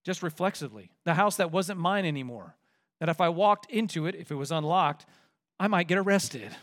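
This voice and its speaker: A man's voice: on the high side, lively intonation, a little fast, a bit bright. A man preaching a sermon as pastor, asking the listeners rhetorical questions and pressing his points with rising force.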